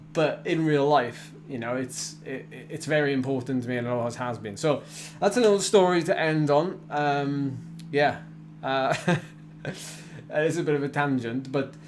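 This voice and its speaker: Young man, casual live-stream chatter, rambling with lots of fillers, tired, mid pitch, faint hum behind. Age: 20s. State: tired after a hard effort. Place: home indoor training room.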